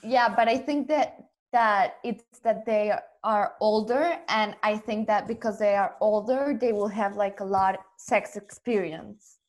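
A woman's voice: mid-range voice, unhurried. A woman guest in a casual group chat, speaking hesitantly but bluntly.

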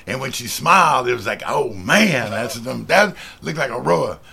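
Stammering older man with a gravelly voice. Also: mid-range voice, lively intonation, brisk, crowd noise. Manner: hesitant, rambling, stammers. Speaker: passerby. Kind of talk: street interview. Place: outdoors on a street.

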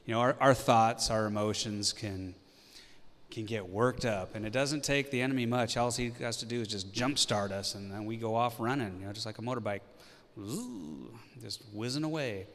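A man's voice: on the low side, a little fast, fairly bright tone. A man leading a church meeting, giving an informal, encouraging sermon with light teasing. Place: church hall. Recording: long reverb of a hall.

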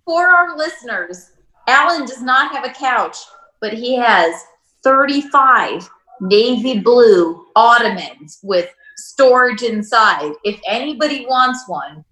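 A woman's voice: a little high, lively intonation, slow pace, sharp tone. A woman co-hosting a podcast, teasing her co-host with dry remarks. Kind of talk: casual chat. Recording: echoey room.

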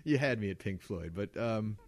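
A man co-hosting a casual podcast, his pitch swinging widely as he talks. He rambles, trips over restarts and grows animated when arguing. The sound is close and dry, with no room around it. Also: normal speed, no room sound. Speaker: podcast co-host. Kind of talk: casual chat.

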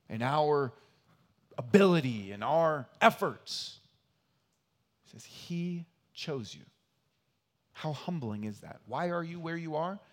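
Earnest guy pastor giving a sermon, middle pitch, repeats stuff for emphasis, gets loud then drops quiet. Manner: rises loud and high on emphatic lines, drops quiet for asides. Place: church.

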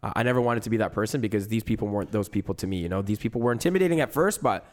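Fast-talking man with a low voice. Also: lively intonation, a little mellow. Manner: fast, earnest, lots of "you know" and restarts. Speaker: guest broadcaster. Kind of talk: casual chat.

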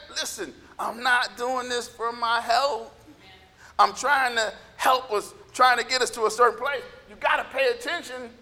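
A man preaching a sermon as pastor, with a scratchy, gravelly voice and impassioned bursts of shouting. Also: extremely high pitch. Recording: echoey hall reverb.

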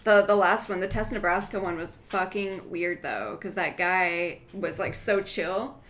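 A woman co-hosting a podcast in casual chat, telling animated stories full of "like" and swearing. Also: on the low side, measured pace, a little hiss or hum. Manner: animated storyteller, lots of "like", swearing. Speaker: podcast co-host.

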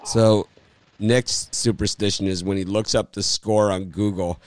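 A man's voice: fairly low pitch, fairly even intonation, measured pace. A man hosting a casual sports betting chat, joking and laughing often. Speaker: host of a sports betting show.

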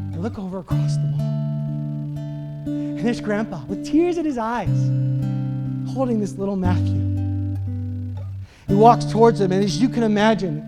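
A man, a pastor, preaching a sermon to a church audience and telling the story in an animated way, acting out the family's frantic calls. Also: extremely high pitch, moderate pace. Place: church auditorium. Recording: guitar playing under the voice.

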